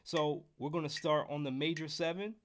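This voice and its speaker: A man's voice: a little high, fairly even intonation, normal speed, slight background noise. Casual American man teaching trumpet scales. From United States. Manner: casual, joking asides to chat. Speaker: trumpet teacher on a live stream. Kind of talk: live-streamed music lesson.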